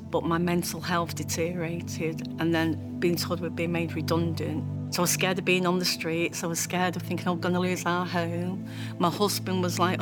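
A woman giving an emotional personal testimony, halting and tearful at times. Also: on the low side. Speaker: interviewee sharing her story.

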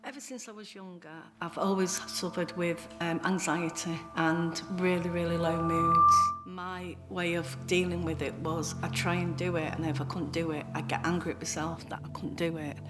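Woman telling her story, choked up and halting, soft music behind. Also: on the low side, level tone. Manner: emotional, tearful, halting. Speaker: interviewee sharing her story. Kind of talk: personal testimony.

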